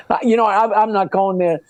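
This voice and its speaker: A man's voice: high voice, dry recording. A man who is a comedian guest on a podcast, trading jokes in casual chat and laughing at his own punchlines.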